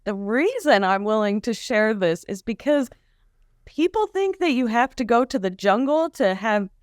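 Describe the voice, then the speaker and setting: A woman as a guest on a comedy chat, talking calmly and gently evading questions. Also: on the high side, normal speed, smooth, dry recording, clean studio sound. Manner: calm, gently evasive.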